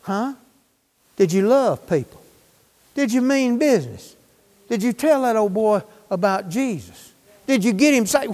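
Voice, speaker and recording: A man's voice: high voice, lively intonation, a little slow, long pauses, darkish tone, big-room sound. A man preaching a sermon, fervent and folksy, firing questions at his congregation.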